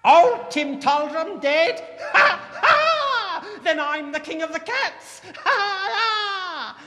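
A man's voice: very high-pitched, big pitch swings, extremely slow, pushed and bright, voice pushed up, full character voice. A man voicing an old tomcat who shrieks and cackles as he reveals himself king of the cats. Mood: wild triumph.

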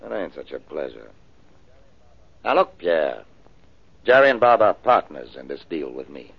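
An actor in an old radio drama playing a blunt, gruff fence who talks street slang. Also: male voice, sits low, very animated, unhurried, dry recording, heavily acted. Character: gruff middle-aged male fence, blunt tough guy. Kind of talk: 1940s radio acting. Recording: dull old radio broadcast.

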